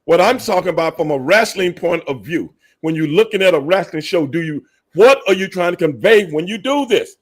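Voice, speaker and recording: Podcast co-host, male, pitched a bit high, forceful, repeats himself, swears freely. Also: animated, brisk, hardly any pauses. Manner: emphatic, profane, repeats points. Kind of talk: casual podcast debate.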